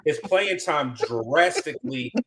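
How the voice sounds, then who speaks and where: A man's voice: a little high, expressive, slow, sharp tone, slight background noise. A man co-hosting a casual sports chat, playful and emphatic. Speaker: podcast co-host.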